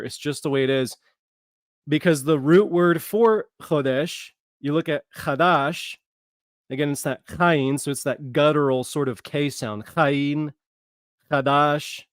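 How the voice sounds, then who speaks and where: A man's voice: fairly high pitch, no echo, clean studio sound. A man hosting his own channel, giving a casual live-streamed Bible lesson, talking informally and stopping to sound out Hebrew words. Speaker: channel host, Bible teacher.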